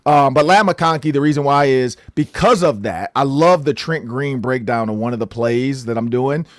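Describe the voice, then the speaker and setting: A man's voice: mid-range voice, expressive, normal speed, no echo, studio quality. A man co-hosting a casual sports analysis show, rambling and jokey, often correcting himself mid-sentence.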